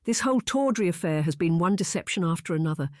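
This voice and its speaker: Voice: mid-range voice, expressive, quick pace, dry recording, clean studio sound, voice pushed up, close to an everyday voice. A narrator voicing a scolding, near-hysterical middle-aged mother in a period audiobook. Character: indignant middle-aged mother, shrill and theatrical. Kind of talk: audiobook character voice.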